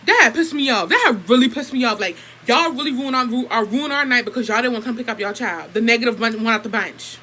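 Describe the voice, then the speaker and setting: A young woman vlogger telling a story casually to camera, animated and expressive, acting out what others said, with swearing. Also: fairly high pitch, quick pace, few pauses, slight background noise, low-quality recording.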